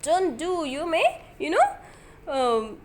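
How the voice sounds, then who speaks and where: A woman with an Indian English accent reads a story to young pupils, talking slowly and stopping often for fillers. Her voice sits high and swoops up and down as she acts out the scenes. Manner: animated storytelling with many fillers. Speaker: teacher. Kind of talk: storytelling to children.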